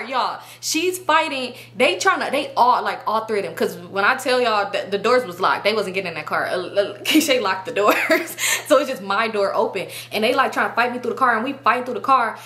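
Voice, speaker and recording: A young woman casually telling a story to her viewers, animated and profane, acting out her friends' lines. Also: on the high side, fairly quick. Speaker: storytime vlogger.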